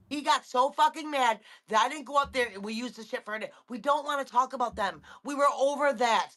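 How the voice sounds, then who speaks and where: A woman speaks in a clip played from another stream. Her tone is bright and sharp as she tells a heated story, swearing heavily throughout. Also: fairly high pitch, a little fast, few pauses. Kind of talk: clip of a casual stream rant.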